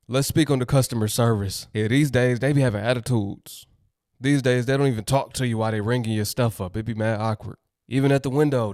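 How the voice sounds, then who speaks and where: A man's voice: mid-range voice, darkish tone, no room sound, clean studio sound. A man chatting casually, blunt and slangy, giving his opinions. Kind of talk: casual chat.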